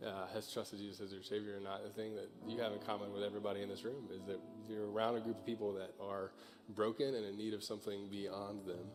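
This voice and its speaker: A young man speaks as a pastor to a church room through a stage microphone. His voice sits a little low. He talks loosely and jokingly, with many fillers, then moves into prayer. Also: level tone, fast, hardly any pauses, over music. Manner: casual, joking, full of fillers. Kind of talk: informal sermon and prayer. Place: church auditorium.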